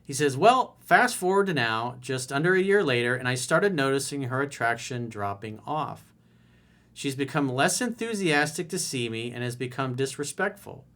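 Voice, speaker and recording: A man's voice: medium pitch, lively intonation, normal speed, a bit bright. A man as a dating coach, reading viewer emails aloud and answering them with blunt, casual, direct advice.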